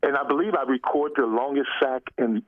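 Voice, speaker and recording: Older ex-player guest, folksy and laughing, dry tinny phone sound. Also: male voice, mid-range voice, a little fast, no room sound. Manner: laughs often, loose and folksy. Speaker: former football player, guest. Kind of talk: casual interview storytelling.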